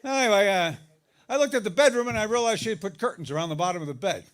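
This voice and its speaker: A middle-aged man doing a stand-up comedy set, telling stories about his marriage, his voice jumping up high for the punchlines. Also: fast. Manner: animated storytelling, voice jumps up for punchlines. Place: live comedy venue with audience laughter.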